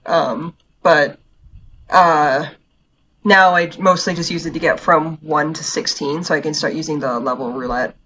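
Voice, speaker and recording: Lowish-voiced blunt woman co-host. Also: fairly even intonation, unhurried, fairly bright tone, lo-fi sound, a little hiss or hum. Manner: blunt, complaining, hesitant fillers. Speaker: podcast co-host. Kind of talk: casual chat.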